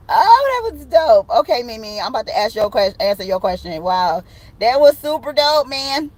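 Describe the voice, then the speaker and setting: A woman giving a casual tarot reading, animated and slangy, swearing and laughing often. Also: medium pitch, poor audio. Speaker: tarot reader.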